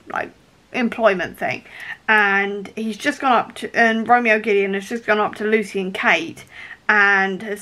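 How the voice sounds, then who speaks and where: A woman's voice: medium pitch, pushed and bright. A woman book vlogger talking casually and enthusiastically about a novel, laughing often. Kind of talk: casual reading vlog.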